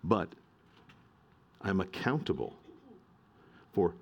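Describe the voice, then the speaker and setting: A middle-aged man preaching from the pulpit with a lowish voice. He presses his points earnestly and circles back to repeat them for emphasis. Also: very animated, slow, gravelly, highs cut off. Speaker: pastor. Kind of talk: sermon.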